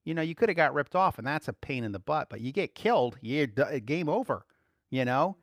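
A man preaching in a loose, conversational way, acting out the lines he quotes. His voice sits a little high and swings widely up and down. The sound is close and dry. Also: expressive, a little fast, dry recording. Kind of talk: casual sermon.

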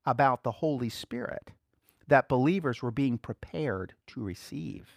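A man's voice: medium pitch, animated, a little slow, gravelly, no echo, clean studio sound. A male preacher teaching a sermon to a small group, asking rhetorical questions and chuckling often as he talks.

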